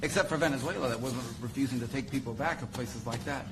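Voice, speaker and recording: A man's voice: mid-range voice, quick pace, background noise. A man, a government official, giving a firm and emphatic formal statement to the press.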